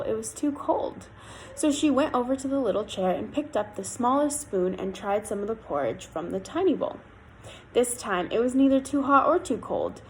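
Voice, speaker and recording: A woman storyteller reading a fairy tale aloud in an expressive, lilting way. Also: mid-range voice, a little hiss or hum, poor audio.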